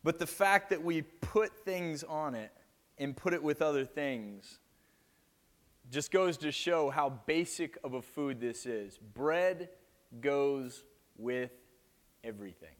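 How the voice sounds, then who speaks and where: A man's voice: fairly high pitch, takes it slowly. A man preaching a sermon with playful jokes to a live audience after an opening prayer.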